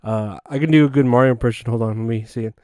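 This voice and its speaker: A man's voice: mid-range voice, fast talker, warm tone, dry recording, studio quality. Man rambling through a crude comedy monologue. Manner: rambling, crude, offhand jokes. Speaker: podcast host. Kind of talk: solo comedic podcast monologue.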